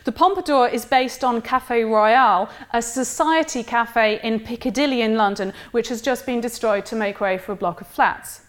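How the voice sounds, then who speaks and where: A woman giving a literature lecture in a measured, wry way, reading quoted passages aloud. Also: a little high.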